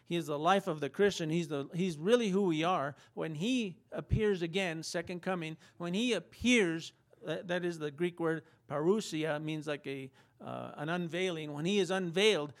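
A man preaching a sermon in a conversational style, asking rhetorical questions and acting out quotes. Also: on the high side. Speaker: pastor.

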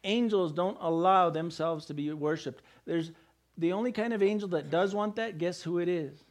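A man's voice: high voice, moderate pace. A male pastor preaching a sermon, emphatic and firing rhetorical questions at the congregation.

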